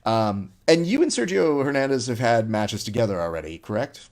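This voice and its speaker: A man's voice: mid-range voice, fairly quick. A man hosting a casual interview, telling stories with energy and acting out the lines he quotes. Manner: animated storyteller who acts out quoted lines. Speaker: podcast host.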